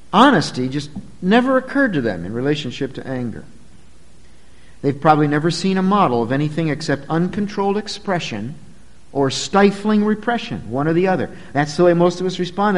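A man's voice: a little high, in a large hall, rough recording. A pastor preaching a sermon, earnest and emphatic, speaking directly to his congregation.

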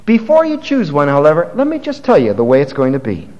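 A man preaches a sermon in a slightly higher voice, reading scripture and pressing his points with rising force. His words carry a long reverb, as if spoken in a large hall. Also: wildly swooping pitch, quick pace, a little mellow, muffled recording. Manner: preaching with swelling emphasis, reading scripture aloud. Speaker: pastor.

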